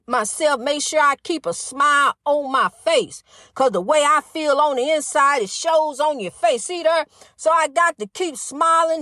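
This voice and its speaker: High-voiced preachy woman in her fifties. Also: fairly bright tone, no room sound, clean studio sound. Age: 50s. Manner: preachy, repetitive, calls listeners honey. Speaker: podcast host. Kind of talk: casual preachy monologue.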